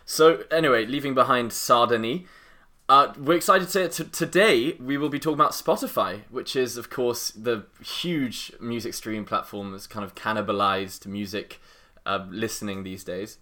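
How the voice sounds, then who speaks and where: Bright voiced guy cohosting a podcast, teasing banter, mid pitch. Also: normal speed. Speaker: podcast co-host. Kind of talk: casual chat.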